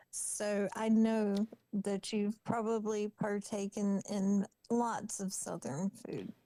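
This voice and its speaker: A woman's voice: medium pitch, warm tone, dry recording. A woman in a casual chat, talking about food and family with easy amusement. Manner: unhurried, amused, exclaims in surprise.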